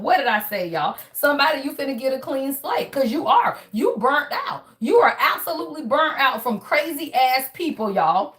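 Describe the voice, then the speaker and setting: A woman's voice: high-pitched, expressive, fairly bright tone. A woman doing a casual spiritual reading, talking emphatically and bluntly, swearing freely and calling out "y'all" at the end of almost every line. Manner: emphatic, profane, repeats "y'all" constantly; fast, preachy affirmations with rising bursts. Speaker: tarot reader.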